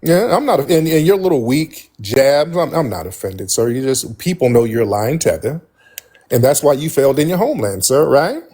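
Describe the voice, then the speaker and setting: A man's voice: mid-range voice, sing-song, normal speed, warm tone, breathy edge. A man hosting a livestream call-in debate, combative and repeating pointed questions at a caller. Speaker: livestream host.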